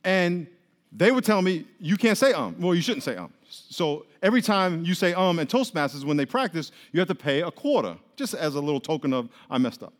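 Animated pastor preaching in an echoing hall. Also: male voice, a little high, fairly quick. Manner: animated, acts out quoted voices. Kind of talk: sermon. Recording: long reverb of a large hall.

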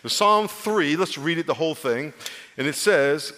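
A male pastor preaching a lively, humorous sermon, drawing his congregation into call-and-response. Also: on the high side, normal speed. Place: church sanctuary. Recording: long reverb of a church hall.

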